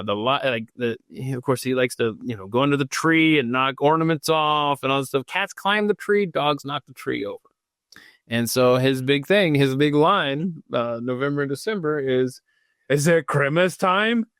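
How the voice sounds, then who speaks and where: A man's voice: medium pitch, a bit bright, clear, resonant tone, no echo, studio quality. A man hosting a podcast, chatting casually, rambling and self-deprecating as he reads live comments. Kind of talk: casual rambling livestream chat.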